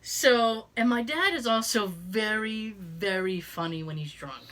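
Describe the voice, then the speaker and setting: A woman's voice: mid-range voice, expressive, a little slow, fairly bright tone. A middle-aged woman hosting a podcast, telling a story in casual chat, swearing freely and laughing as she talks. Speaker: podcast host.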